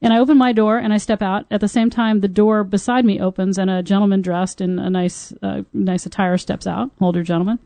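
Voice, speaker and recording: A woman's voice: mid-range voice, a little fast, hardly any pauses, no room sound. A woman podcast host and Tantra teacher with a singer's trained voice, telling stories candidly and talking openly about intimacy. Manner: lively, frank, openly talks about intimacy. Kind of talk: candid storytelling chat.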